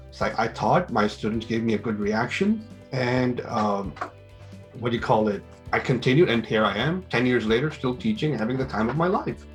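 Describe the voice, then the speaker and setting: A middle-aged man who teaches business talks through advice in a relaxed interview. He tells stories, acting out both sides of each conversation. Faint music plays quietly under his voice. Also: mid-range voice, moderate pace. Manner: animated storytelling with quoted dialogue. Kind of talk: casual interview talk, giving advice.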